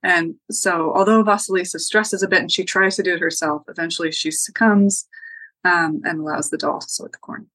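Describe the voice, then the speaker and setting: A woman retelling a folktale as a podcast guest, relaxed with frequent ums and likes. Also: on the low side, brisk, no room sound, poor audio. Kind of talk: casual oral storytelling.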